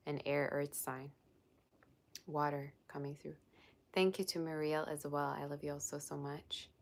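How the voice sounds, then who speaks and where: With a deep voice that barely changes pitch and a moderate pace, a woman hosts a casual tarot livestream. She addresses viewers directly, gushing and getting emotional while opening gifts. There's no proper microphone, just the device's built-in one.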